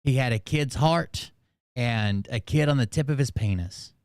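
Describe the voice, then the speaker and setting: A man hosting a commentary show, making sarcastic, crude, deadpan jokes about a clip. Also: mid-range voice, unhurried, no echo, studio quality. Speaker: commentary host. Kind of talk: mocking commentary.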